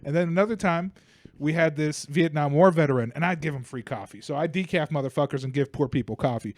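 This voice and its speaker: A man's voice: a little high, fast talker, a little mellow, dry recording. A young man from Bulgaria, co-hosting a comedy podcast and telling crude, rambling stories while laughing at his own jokes. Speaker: podcast co-host. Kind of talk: casual comedic storytelling.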